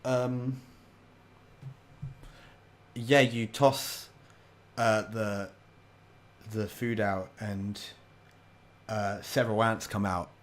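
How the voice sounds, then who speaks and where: A man's voice: on the low side, fairly even intonation, extremely slow, long pauses. A young man narrating as game master, full of fillers and restarts. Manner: hesitant, many fillers and restarts.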